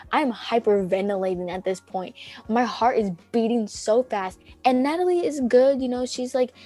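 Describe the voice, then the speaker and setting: Slightly high and a little mellow, this teen girl speaks at a normal pace with soft music in the background. In her role as podcast co-host she chats loosely, telling nervous stories full of "like" and performed quotations.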